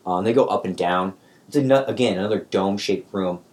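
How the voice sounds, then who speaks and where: A man acts as game master for a tabletop game, narrating in a loose, rambling manner full of fillers and restarts. His voice is deep and a little mellow, and he speaks briskly.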